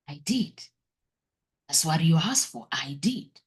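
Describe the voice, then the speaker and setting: A woman's voice: expressive, takes it slowly, long pauses, breathy edge. A woman hosting her own talk show, telling viewers a personal story with rising emotion, often dropping to a near whisper. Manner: emotional, pitch rising sharply when recounting crying.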